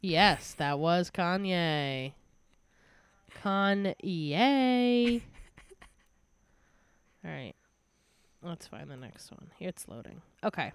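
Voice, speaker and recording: A woman's voice: lowish voice, animated, extremely slow, pauses often, clean tone, no room sound. A woman hosting a casual quiz game, giggling often as she reads out quotes. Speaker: quiz host.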